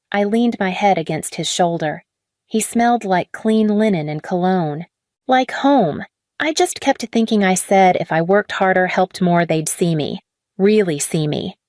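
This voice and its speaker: A woman reading a scripted first-person drama story in a measured, even way. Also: mid-range voice, dry recording, studio quality. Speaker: story narrator.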